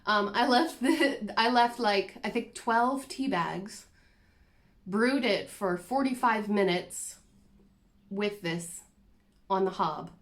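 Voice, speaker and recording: A woman's voice: mid-range voice, takes it slowly. A woman chatting casually and self-deprecatingly as she shows her cross-stitch projects to the camera. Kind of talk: casual show-and-tell chat.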